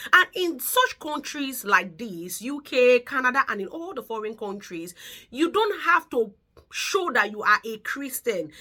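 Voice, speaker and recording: A woman from Africa speaks as a nurse in a casual advice vlog. Her voice is bright and edged, and it rises and falls with animated expression. She lectures earnestly and keeps asking whether you understand. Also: on the high side. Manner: earnest, lecturing, repeats warnings with rhetorical questions. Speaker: nurse giving advice to migrant care workers.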